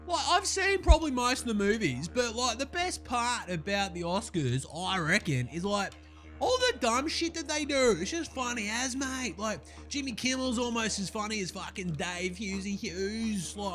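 A man voicing a brash, crude young Australian bloke with a broad Australian accent, who rambles loudly in slang and swears a lot. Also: very high-pitched, pitched above the performer's own voice, exaggerated voice. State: sore throat.

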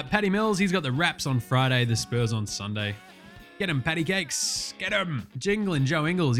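A young Australian man hosting a casual basketball chat show, swearing a lot and joking around. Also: mid-range voice. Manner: profane, jokey, animated. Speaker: podcast host.

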